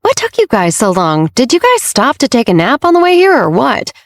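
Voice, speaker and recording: A woman's voice: a little high, huge pitch swings, brisk, dry recording, voice pushed up. A male driver speaks in a blunt, joshing way, as a woman narrator puts him on. The audiobook reading is dry and close, with no room around it.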